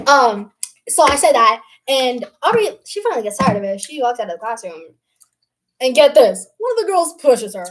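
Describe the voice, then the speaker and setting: A young teenage girl tells a school story in casual chat, her voice high and swooping. She swears freely and acts out what everyone said. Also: very animated, moderate pace, slight background noise. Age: young teen.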